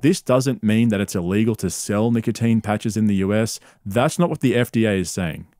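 A man narrating a scripted commentary video in a measured, explanatory way. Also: on the low side, warm tone, dry recording, studio quality.

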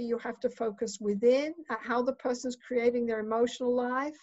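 A woman delivering a keynote lecture in a slightly raised voice, emphatic and conversational. She often tags her points with a quick "right?" The recording is dull, lo-fi and very dry. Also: a little high, dry recording. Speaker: psychotherapist giving a keynote.

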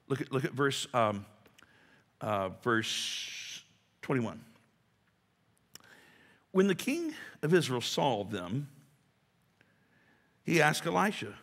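A pastor delivering a sermon in a conversational way, building to emphatic rhetorical questions. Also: male voice, a little high, fairly bright tone, husky. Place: church sanctuary. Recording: long hall reverb.

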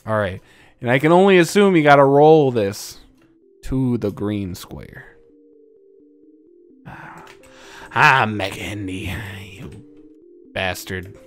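A young man doing profane, jokey let's play commentary, swinging from mumbles to loud yells and laughs. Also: medium pitch, expressive, slow pace, pauses often, clean tone. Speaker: gaming YouTuber. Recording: game music underneath.

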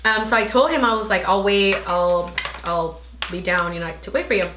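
This young woman vlogger, mid-range voice at a moderate pace, swears freely and acts out what others said as she animatedly tells a personal story in casual chat. The sound is reverberant, with a noisy background.

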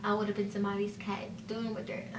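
A woman's voice: mid-range voice, completely flat delivery, a little fast, recorded from a distance, background noise. A young woman telling a casual storytime vlog, chatty and full of "like" and "you know," acting out the dialogue as she goes. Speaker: vlogger. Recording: echoey room, voice set back from mic.

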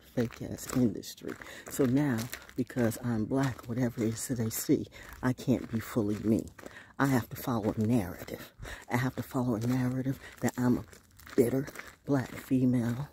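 A woman talking casually to her phone outdoors in the woods, chatty and opinionated, with a high sing-song voice for animals. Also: dark tone, slight background noise, poor audio. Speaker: vlogger. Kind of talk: casual outdoor vlog monologue. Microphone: phone held in hand.

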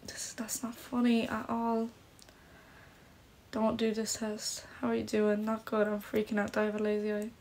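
A woman's voice: a little high, monotone, normal speed, vocal fry, darkish tone. Chatty young woman livestreaming from her phone. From Ireland, Polish parents. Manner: chatty, self-conscious, lots of "like". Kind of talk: casual livestream chat reading comments. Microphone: phone camera.

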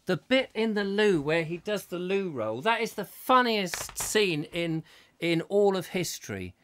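A man's voice: high-pitched, lively intonation, unhurried, fairly bright tone. A man hosting a live comedy chat show, rambling through viewer comments and often laughing at himself. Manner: chatty and self-mocking, often laughs and trails off with fillers.

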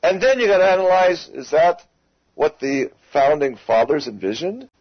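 A man's voice: on the high side, expressive, normal speed, dry recording, dull audio. A man hosting a talk radio show, delivering an emphatic, ranting opinion monologue and repeatedly calling his listeners folks.

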